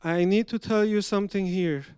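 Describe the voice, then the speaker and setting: A man voicing an urgent male friend who shouts and insists in a raised, higher voice. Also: steady tone, moderate pace, clear, resonant tone, dry recording, natural voice.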